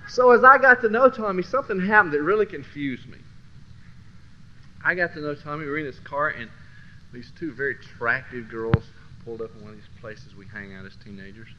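A man teaching a Christian class through personal storytelling, swinging from low murmurs to loud bursts. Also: a little fast. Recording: dull lo-fi recording with faint hiss.

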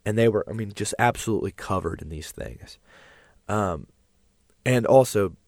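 A man tells a bizarre dream in casual chat, rambling and animated, full of "like" and "um". His voice sits on the low side. The sound is dry and close, with no room around it. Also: moderate pace, gravelly, no echo. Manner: rambling, animated storytelling with fillers.

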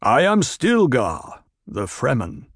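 A man voicing a stern, commanding desert tribal leader who speaks slowly and gravely. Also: medium pitch, wildly swooping pitch, no echo, clean studio sound, exaggerated voice. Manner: measured, slow, authoritative. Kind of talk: audiobook character voice.

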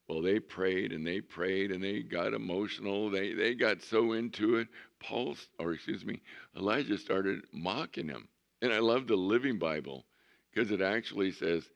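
A man's voice: lowish voice, vocal fry, muffled recording. A man preaching a sermon as pastor, telling stories conversationally and stretching out words for emphasis. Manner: conversational storytelling, drawn-out emphasis.

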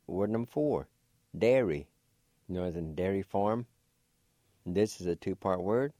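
A man hosting a radio language lesson, slowly spelling words and patiently repeating each pronunciation. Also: fairly low pitch, lively intonation, warm tone, no echo, studio quality. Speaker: language teacher and radio host. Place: radio studio.

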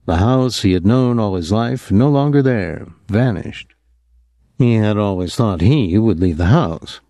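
Calm, low male audiobook narrator. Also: no echo. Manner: calm, measured reading. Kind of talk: scripted narration.

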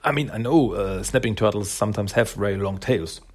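A man's voice: lowish voice, a little fast, breathy edge. A man casually recapping a comic book's story, rambling with many fillers and acting out the characters' lines. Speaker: comic book reviewer.

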